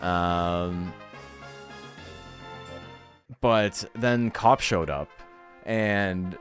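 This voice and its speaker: A man's voice: sits low, drawn-out words, faint music behind. A young man streaming a game, ranting sarcastically in casual chat, swearing and laughing often.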